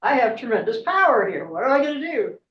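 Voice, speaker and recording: A woman voicing an eager, excitable young boy in a told myth, with squealing outbursts. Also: quick pace. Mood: gleeful. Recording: roomy, distant, dull with faint rumble.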